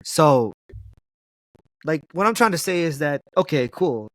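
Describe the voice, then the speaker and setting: A man in casual movie chat, animated and slangy, laughing often as he talks. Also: fairly high pitch, unhurried, dry recording, clean studio sound.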